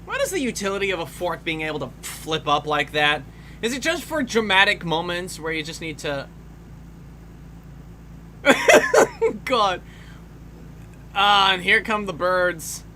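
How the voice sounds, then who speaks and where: A man's voice: sits high, wildly swooping pitch, unhurried, long pauses, background noise. A man giving casual film commentary, swearing freely and laughing often.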